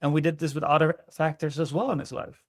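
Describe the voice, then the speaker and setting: A man's voice: a little high, flat delivery, quick pace, no echo, clean studio sound. Blunt, profane man coaching. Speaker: relationship coach. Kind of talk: candid interview conversation.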